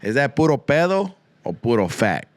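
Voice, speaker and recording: A man's voice: medium pitch, sing-song, normal speed, dry recording. A man hosting a podcast, rambling through a crude comic monologue full of swearing and Spanish slang, often repeating himself. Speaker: podcast host.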